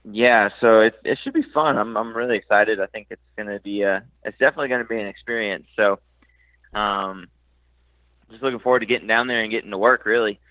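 Casual Minnesota racer, thirties, lowish voice, filler-heavy, tinny phone audio. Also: male voice, brisk, dry recording. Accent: faint Minnesota. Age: 30s. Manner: relaxed, hesitant, many fillers and restarts. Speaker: motocross racer. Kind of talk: casual interview. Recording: dry, tinny phone-like line.

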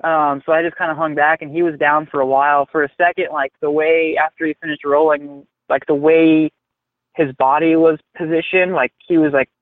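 Guy rambling thru a wild story, kinda high voice, sounds like a phone line. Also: moderate pace, dry recording. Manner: rambling, animated, swears freely. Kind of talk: casual storytelling. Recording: tinny phone-like line, dry.

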